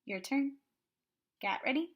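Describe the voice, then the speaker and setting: A woman teaching kindergarten phonics online, sounding out words slowly and clearly with cheerful prompts. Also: high-pitched, animated.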